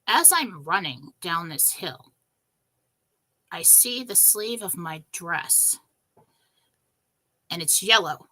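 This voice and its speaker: A woman hosting a show, telling a spiritual story in an emphatic, breathless, animated way. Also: lowish voice, slow, pauses often, poor audio. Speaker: show host.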